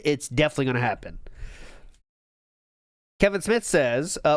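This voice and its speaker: A man giving sarcastic, deadpan commentary while reacting to a clip on a stream. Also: mid-range voice, moderate pace, long pauses, no echo, clean studio sound. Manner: sarcastic, deadpan asides, laughs often.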